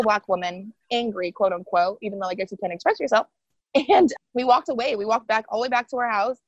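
Female podcast guest, lively casual storyteller, muffled dry mic. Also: mid-range voice, no echo. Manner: animated, quotes others in lively voices.

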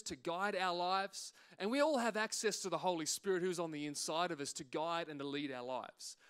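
A man's voice: sits high, bright, forceful tone, smooth. A man preaching a sermon as pastor, telling a humorous everyday story with acted-out asides.

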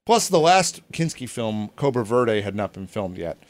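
A man's voice: fairly low pitch, sing-song, normal speed, no room sound. A man hosting a casual podcast chat, rambling and hesitant with lots of ums. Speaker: podcast host.

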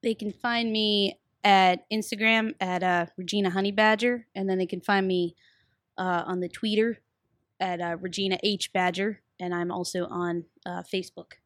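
A woman's voice: mid-range voice, steady tone, normal speed, dry recording, studio quality. A woman wrestler appearing as a podcast guest, talking plainly with a few fillers. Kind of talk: casual podcast chat.

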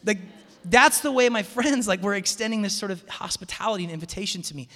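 Casting note: man, high voice, animated storyteller giving a casual sermon to a live audience, long hall reverb. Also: fast talker. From Seattle area, USA. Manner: animated storytelling, frequent restarts. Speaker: campus minister speaking to students. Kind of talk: conversational sermon talk.

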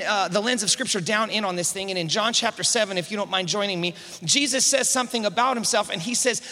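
A man preaches a sermon in a large hall, his high-sitting voice pushed and bright. He calls on the congregation to answer back, rising to emphatic preaching and repeating words at the starts of phrases as he builds.

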